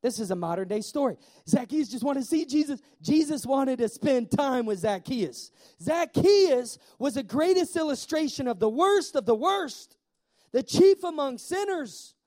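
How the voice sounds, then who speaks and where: A man preaching a sermon in a lively way, asking the congregation questions and slowing down to stress key words. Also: very high-pitched. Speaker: pastor.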